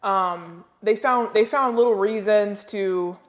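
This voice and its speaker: American woman on a podcast, slangy, acts out voices, mid pitch. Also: slow pace. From United States. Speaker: podcast guest, former pro basketball player. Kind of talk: casual storytelling interview.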